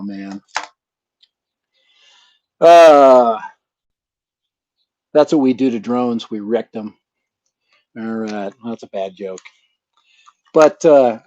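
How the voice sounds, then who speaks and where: A man's voice: medium pitch, mellow. A man hosting his channel in a casual live chat, rambling and joking with a chuckle. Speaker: channel host. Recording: dull lo-fi sound.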